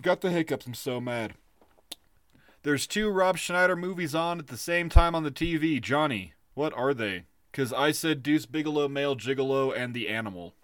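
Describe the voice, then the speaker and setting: A man's voice: on the high side, moderate pace, hardly any pauses, fairly bright tone, no room sound. A man co-hosting a podcast in casual chat, ranting with lots of swearing and breaking into giggles. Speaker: podcast co-host.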